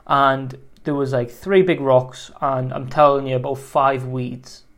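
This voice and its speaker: A man's voice: mid-range voice, fairly even intonation, unhurried. A man who runs a lawn care business, telling a rambling story as advice, full of "you know" asides. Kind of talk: casual storytelling advice talk.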